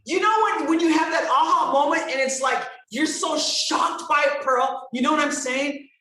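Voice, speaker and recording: Woman, guest storyteller, animated, acts out dialogue, roomy, distant mic. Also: high-pitched, normal speed. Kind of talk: storytelling interview chat.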